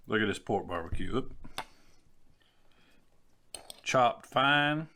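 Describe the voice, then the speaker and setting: A man's voice: mid-range voice, expressive, measured pace, pauses often, pushed and bright. A man with a Southern US accent, hosting a casual cooking vlog in a folksy way and calling his viewers y'all. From Southern United States. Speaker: cooking vlogger.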